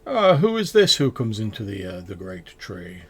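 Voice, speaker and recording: A man's voice: fairly low pitch, wildly swooping pitch, moderate pace, husky, exaggerated voice. A man voicing a stern dwarfish guard who speaks firmly and scolds like an elder. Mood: welcoming. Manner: scolding, firm. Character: stern dwarfish tree guard, gruff but fair.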